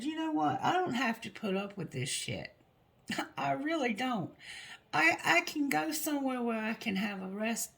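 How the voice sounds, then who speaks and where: A woman's voice: fairly high pitch, gravelly. A middle-aged woman telling a personal story, blunt and heated, swearing freely. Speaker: tarot reader.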